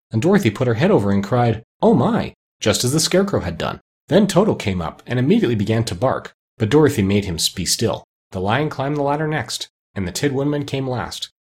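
Husky man reading a storybook aloud. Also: medium pitch. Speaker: narrator.

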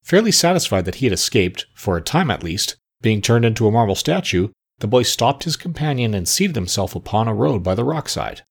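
A man narrating a children's storybook with an expressive, animated reading. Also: lowish voice, a little fast, gravelly, hardly any pauses, husky.

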